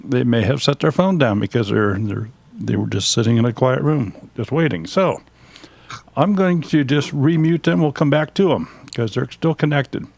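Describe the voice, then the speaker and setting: A man's voice: medium pitch, animated, normal speed, vocal fry, darkish tone, dry recording. Dry-voiced male call-in host. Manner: friendly, repeats words when starting sentences. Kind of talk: casual live call-in chat.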